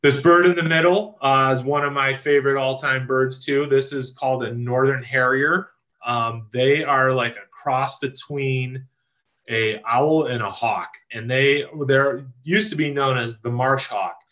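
Man, enthusiastic casual birding teacher, sharp bright tone, slightly lo-fi call mic. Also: medium pitch, measured pace. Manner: relaxed, enthusiastic, many fillers and restarts. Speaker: land trust staff member teaching birding. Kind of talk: casual virtual presentation. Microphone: video call microphone. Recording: slightly dull lo-fi video call audio.

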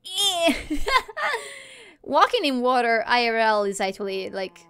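A woman chatting casually while playing a game, playful and giggly, with excitable exclamations. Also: on the high side, a little slow, clean tone. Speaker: gamer recording a let's play. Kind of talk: casual gameplay chat.

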